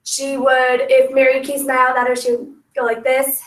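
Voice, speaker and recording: Brief: young woman sales coach, high bright voice, upbeat pep talk, recorded far off in an echoey room. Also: moderate pace. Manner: energetic, coaching, acts out scripts. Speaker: sales team leader. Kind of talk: motivational sales training talk. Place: meeting room with a group.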